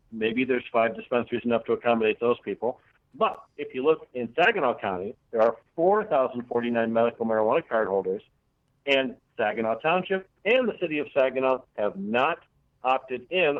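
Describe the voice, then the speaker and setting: A man's voice: mid-range voice, dry recording. A man hosting a radio show who reads news items and quotes, adding sarcastic asides. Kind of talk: reading cannabis news. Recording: dry, tinny phone-like radio audio.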